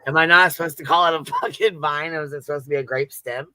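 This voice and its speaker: Man, livestream host: relaxed, profane banter, bright edgy tone, dry sound. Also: on the high side, fast talker, no room sound. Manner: laid-back and heavily profane. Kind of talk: casual livestream chat.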